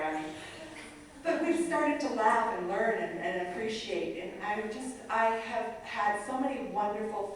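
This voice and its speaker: A middle-aged woman from Canada gives a lively, humorous talk, acting out the voices in her stories. Her voice rings through a large hall with a long, echoey tail. The mic sits some distance from her, with faint room noise underneath. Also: mid-range voice. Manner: humorous, animated, acts out dialogue in quotes. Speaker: motivational speaker. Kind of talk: storytelling presentation to an audience.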